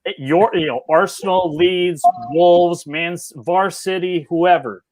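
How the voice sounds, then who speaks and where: A man's voice: sits high, takes it slowly, darkish tone. An American man co-hosting a football fan show, teasing the others with dry jokes in casual banter. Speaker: co-host.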